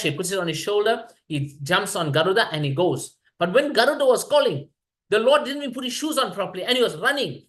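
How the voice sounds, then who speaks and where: A man giving a scripture class at a temple, animated, citing verses and checking in with the listeners. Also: a little high.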